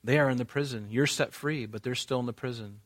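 A man preaching a sermon as pastor, rising to loud emphatic lines and dropping to quiet, intimate asides, sometimes acting out quoted dialogue. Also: medium pitch, a little fast. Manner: acts out biblical speakers in quoted dialogue.

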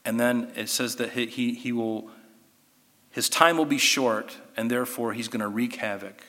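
Forceful man teaching scripture. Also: medium pitch, moderate pace, in a large hall. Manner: animated, with sarcastic asides. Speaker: Bible teacher. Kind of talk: Bible study lesson.

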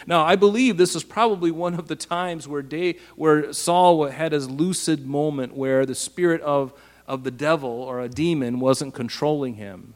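A pastor preaching a casual, animated Bible-teaching sermon, asking his listeners rhetorical questions. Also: on the high side, normal speed, long reverb tail.

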